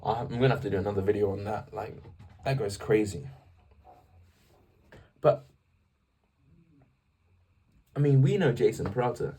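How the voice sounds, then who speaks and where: A man's voice: on the low side, fairly quick, husky, far from the mic. A young English man in a casual, rambling vlog about faith, often restarting his sentences. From England. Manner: rambling, animated, self-interrupting. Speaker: vlogger. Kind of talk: casual faith talk to camera.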